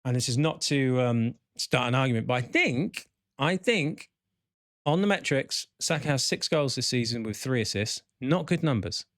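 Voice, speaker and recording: A man's voice: medium pitch, animated, moderate pace, a bit bright, no room sound, clean studio sound. A man hosting a live podcast in a chatty, rambling way, correcting himself and reading out viewer comments. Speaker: podcast host. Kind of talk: casual live podcast chat.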